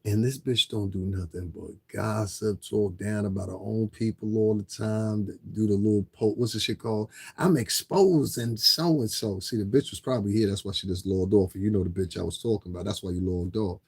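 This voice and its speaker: A man's voice: on the low side, flat delivery, fairly quick, gravelly, few pauses, mellow, breathy edge. A man livestreaming a casual, rambling, profane rant to viewers, often repeating himself. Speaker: livestreamer asking viewers for donations.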